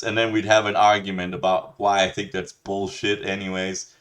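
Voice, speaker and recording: A man's voice: low-pitched, little pitch movement, normal speed, fairly bright tone. A man hosting a reaction video, ranting bluntly with lots of swearing and rambling restarts. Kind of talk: ranting commentary.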